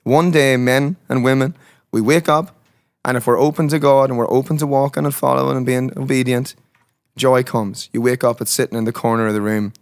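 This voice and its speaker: A man speaks as a musician guest, mid-pitched and earnest. He talks with heartfelt, preacher-like conviction. The sound is dry and close to the mic. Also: steady tone, a little fast, no echo. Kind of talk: casual conversational interview.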